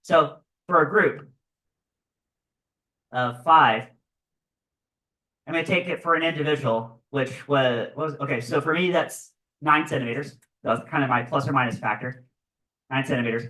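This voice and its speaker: A male physics teacher giving a classroom lecture, animated and constantly checking in with "right?". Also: mid-range voice, normal speed, pauses often, far from the mic, rough recording. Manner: animated, keeps asking "right?".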